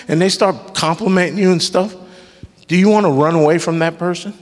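Slightly high and a little fast, a man's voice preaches a sermon in a church sanctuary, where he serves as worship leader. He stays emphatic, drawing call-and-response and tossing in casual jokes, under the long reverb of the church hall.

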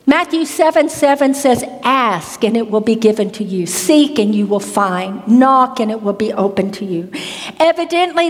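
A woman preacher giving an emotive sermon with personal testimony, her storytelling often dropping into hushed tones. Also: sits high. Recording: long hall reverb.

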